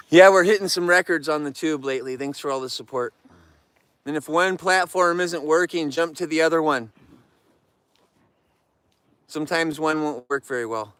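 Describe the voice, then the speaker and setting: A man's voice: fairly high pitch, fairly bright tone, smooth, no room sound. A man hosting a livestream from his yard, joking and chatting playfully with viewers. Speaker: livestream host. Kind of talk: casual live chat to viewers.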